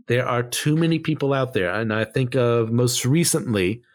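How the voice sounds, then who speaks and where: A man talks through a Bible passage in a casual, blunt way. He states strong opinions plainly and keeps drifting onto side tangents before returning to his point. His voice sits in an ordinary middle pitch. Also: moderate pace. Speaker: Bible study teacher.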